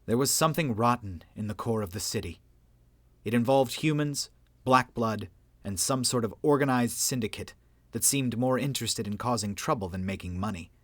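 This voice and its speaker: A man narrating a sci-fi audiobook in an even, steady storytelling voice. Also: mid-range voice, normal speed, no echo.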